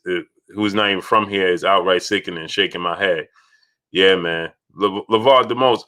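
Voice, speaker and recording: A low-voiced man runs a casual livestream chat, calling out names from the chat. His voice is bright and forceful and sits low. He repeats phrases as he goes. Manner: shouts out chat donors, repeats himself. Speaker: livestream host.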